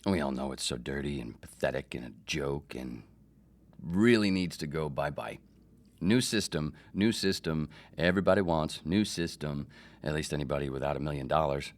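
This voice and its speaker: Very deep-voiced sarcastic podcast host man. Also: moderate pace. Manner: profane, rambling, sarcastic. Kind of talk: comedic podcast monologue.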